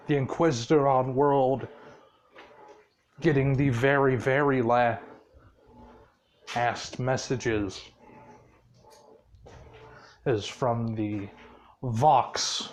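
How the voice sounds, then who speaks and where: Slow, laid-back male storyteller. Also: medium pitch. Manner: laid-back, swearing, with frequent restarts. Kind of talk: casual improvised fan-story narration.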